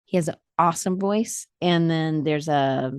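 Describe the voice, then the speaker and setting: A woman from Atlanta, guesting on a podcast, with a lowish voice recorded dry and close. She tells lively stories and acts out what people said. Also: measured pace, clear, resonant tone, no echo. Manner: lively storyteller who acts out quoted dialogue. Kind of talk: casual conversation.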